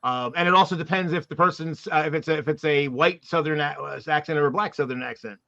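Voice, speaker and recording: A man's voice: a little high, fast talker, bright, forceful tone, dry recording, dull audio. A man with a New York-New Jersey accent, chatting casually as a podcast co-host and telling stories with lots of restarts. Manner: storytelling, laughing, restarts. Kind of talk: casual chat.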